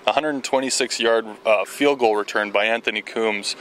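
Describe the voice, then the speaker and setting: A man, a university football coach being interviewed outdoors, eager and halting with many restarts. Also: lowish voice, a bit bright, slight background noise, poor audio. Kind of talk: sports interview. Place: outdoors at a ballpark.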